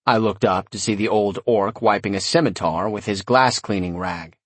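A man narrating a first-person story in a wry, sardonic tone, with a husky voice. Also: on the low side, moderate pace, dry recording. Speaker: audiobook narrator.

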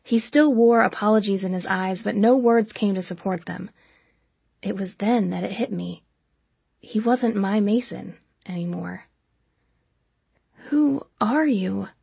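A woman reading a first-person story as an audiobook narrator, emotional and intimate, slowing down for dialogue. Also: mid-range voice, gravelly, a little mellow, breathy edge, no echo.

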